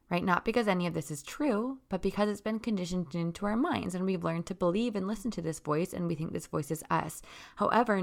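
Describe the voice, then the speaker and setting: Low gravelly-voiced woman coaching. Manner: earnest, conversational, lots of "like" and "right?". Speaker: spiritual self-help speaker. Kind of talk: casual motivational talk.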